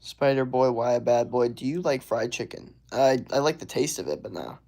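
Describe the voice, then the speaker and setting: A young man streaming live, reading out viewer comments in a relaxed, drawling way, often saying "bro" and "hell yeah.". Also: medium pitch, normal speed, creaky. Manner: laid-back, drawling, says "bro" and "hell yeah" a lot. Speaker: livestreamer. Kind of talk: casual livestream chat reading viewer comments.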